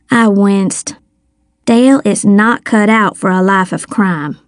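A woman's voice: medium pitch, slow, no room sound, clean studio sound. A woman narrating a first-person audiobook in a folksy, wry storytelling manner.

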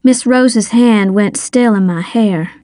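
A woman narrating a novel in the first person, with an even, measured delivery. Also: medium pitch, no echo, clean studio sound. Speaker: audiobook narrator.

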